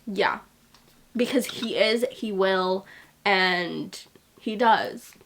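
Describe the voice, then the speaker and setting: Young woman vlogging from home, excitable and gushy, talks kinda slow, lots of "like". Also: mid-range voice. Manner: gushing, excitable, says "like" a lot. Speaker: book vlogger. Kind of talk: casual reading vlog chat.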